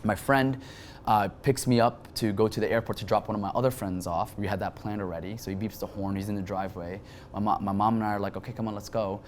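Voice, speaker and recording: A young man with a slightly low voice tells an emotional personal story, animated and full of quick restarts. A faint hiss runs under the recording. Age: 20s. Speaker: guest.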